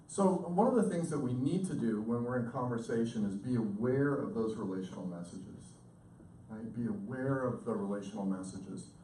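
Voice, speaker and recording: A man in his fifties, a communication professor, lecturing with lively, intense storytelling and acted-out quotes. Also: medium pitch, moderate pace, a little hiss or hum. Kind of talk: lecture to an audience. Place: lecture hall. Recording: echoey hall recorded from far off.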